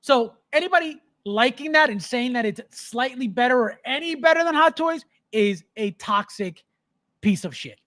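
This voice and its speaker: A man's voice: very high-pitched, expressive, normal speed, pushed and bright. A man hosting a casual livestream, reading chat and ranting bluntly and emphatically about his hobby. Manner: reads chat aloud, laughs often. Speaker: livestream host.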